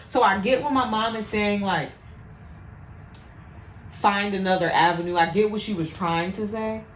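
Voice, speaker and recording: A woman podcast host telling stories about faith and anger, speaking in an animated, preachy way. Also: medium pitch, slight background noise. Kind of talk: casual faith talk. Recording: echoey room, faint ambience.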